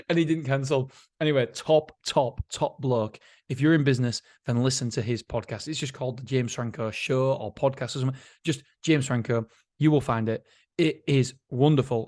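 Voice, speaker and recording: A man's voice: medium pitch, fairly quick, a little mellow. A middle-aged man hosts his own podcast in a casual, rambling, self-mocking monologue, laughing often. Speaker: podcast host.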